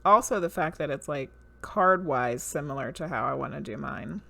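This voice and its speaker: With a deep, gravelly voice that's bright and forceful, this Southern US woman talks fairly quickly and animatedly, with few pauses. She's a streamer chatting casually with viewers, musing over cards and reading their names aloud.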